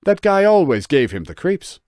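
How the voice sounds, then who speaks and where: In a clean studio recording without echo, an author reads his novel aloud for an audiobook. His voice is high and his speed normal, and he tells the story expressively, voicing the characters' dialogue.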